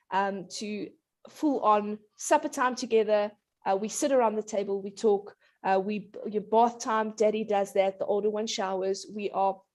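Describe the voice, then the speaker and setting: A woman's voice: a little high, darkish tone. A woman in her thirties, a parenting coach chatting as a guest, with frequent fillers and easy laughter. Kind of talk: casual explanatory chat.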